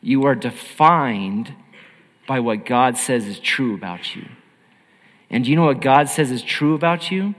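A man preaching a sermon in an earnest, emphatic way, swinging between loud and hushed. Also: mid-range voice, lively intonation, unhurried, long reverb tail.

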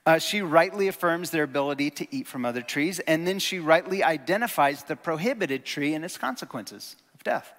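A man's voice: on the high side, animated, a little fast, few pauses, a bit bright. A man giving a sermon in a conversational teaching style, with enthusiastic asides. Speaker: pastor. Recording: reverberant hall.

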